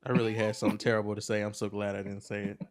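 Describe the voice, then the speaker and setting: A man co-hosting a podcast in casual chat, animated and joking. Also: fairly low pitch. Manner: animated, joking, quick to laugh. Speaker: podcast co-host.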